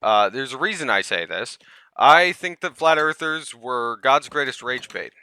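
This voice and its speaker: A man ranting to the camera, heated and sarcastic, swinging between yelling and muttering. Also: mid-range voice, expressive, measured pace, smooth, no echo. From United States. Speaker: comedian vlogger. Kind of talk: comedic rant to camera.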